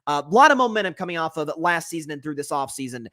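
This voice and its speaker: High-voiced, energetic sports podcast host. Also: male voice, fast, no room sound, studio quality. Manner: energetic, opinionated, frequent fillers and restarts. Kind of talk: solo sports commentary podcast.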